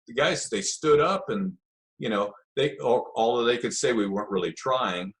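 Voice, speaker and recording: An older man, a podcast guest, telling long anecdotes in a casual interview and acting out what others said. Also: mid-range voice. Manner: rambling anecdotes with acted quotes.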